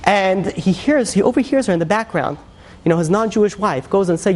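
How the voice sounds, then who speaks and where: A man, a rabbi, telling a dramatic story in a sermon, with lively, conversational storytelling that swings into character voices. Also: brisk. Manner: animated storyteller, acts out characters with shifts in pitch; conversational, many fillers.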